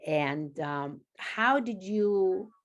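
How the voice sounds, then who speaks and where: A woman's voice: mid-range voice, expressive, extremely slow, lo-fi sound. A woman hosting a talk show, who thinks aloud and sums up what her guest has said. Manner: reflective, restates the guest's points. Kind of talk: casual interview talk.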